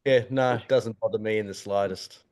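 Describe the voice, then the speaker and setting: A man with an Australian accent talks on a video call, loose and rambling. His voice sits low, and he tells his stories in an easy, unhurried way. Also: a little mellow. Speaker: guest. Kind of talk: casual chat on a video call.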